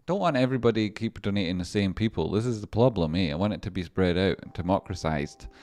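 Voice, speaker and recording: A man with a deep voice hosts a loose livestream about trading. He rambles, breaks off mid-thought, swears casually and laughs often as he reads out donations. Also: animated, fast talker, a little mellow. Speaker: livestream stock trader.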